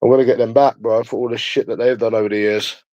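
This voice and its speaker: A man's voice: medium pitch, steady tone, fast, a little mellow, no room sound, highs cut off. A young man from London chatting on a livestream, crude, taunting and repeating himself as he answers viewers. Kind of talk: casual chat answering viewers.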